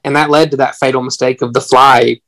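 A man in casual conversation about a film. He rambles earnestly, restarts his sentences and thinks out loud. His voice is mid-pitched and everyday. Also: flat delivery, brisk, low-quality recording.

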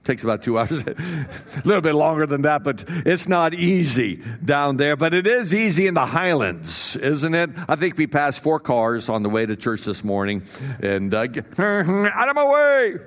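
A man's voice: a little high, animated, moderate pace. A middle-aged man preaching a sermon as pastor, folksy and jokey, with many fillers.

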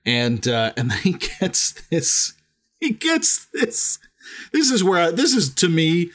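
A man's voice: a little high, wildly swooping pitch, takes it slowly, a bit bright. A man co-hosting a podcast, chatting casually about a book, rambling with lots of restarts and frequent laughter. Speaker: podcast co-host.

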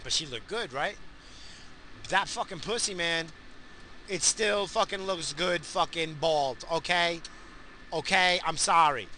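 Ranting vlogger type, man in his 40s, piercing bright tone, pitched a touch high, crude and loud, talking from his car. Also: a little slow, long pauses, a little hiss or hum. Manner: crude, ranting, yells at other drivers. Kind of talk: casual profane rant. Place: inside a car.

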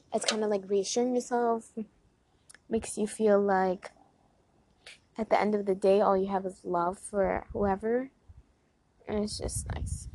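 A woman casually talking through positive affirmations on her porch, chatty with many "like" fillers and repeated lines. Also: mid-range voice. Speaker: host reading affirmations. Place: outdoors on a porch. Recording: faint wind noise outdoors. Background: wind.

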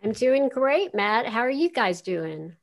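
An older woman from Queens, New York, a voice actress, is an interview guest telling stories in a casual, chatty way and laughing easily. Her voice is a little high and sing-song, and she speaks at a measured pace.

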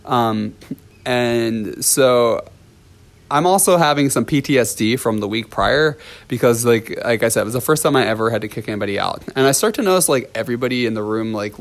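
A young man, a ballet teacher, telling a story from his class in a casual, rambling way with many fillers and restarts. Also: medium pitch.

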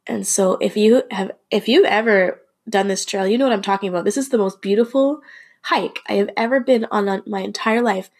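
A woman's voice: mid-range voice, fairly quick. Candid woman telling a personal story. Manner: candid and emotional, with laughs, swearing and frequent restarts.

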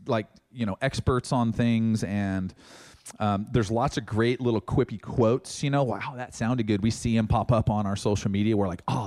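A pastor preaches a sermon in a mid-range voice, reading scripture and acting out dialogue with animated emphasis.

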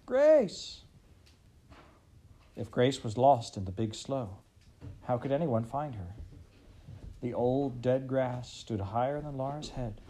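A man reading a storybook aloud in an expressive, dramatic way. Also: mid-range voice, low-quality recording. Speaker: reader.

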